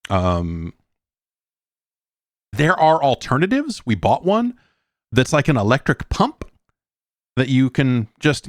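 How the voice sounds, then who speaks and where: A man's voice: mid-range voice, sing-song, normal speed, no echo, studio quality. A middle-aged man hosting a podcast, rambling casually and breaking into profane rants. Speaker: podcast host. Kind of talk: casual monologue.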